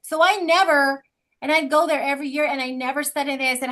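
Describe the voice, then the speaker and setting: A woman's voice: high-pitched, quick pace. Enthusiastic woman host telling stories. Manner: lively storyteller, enthusiastic. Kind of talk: casual chat.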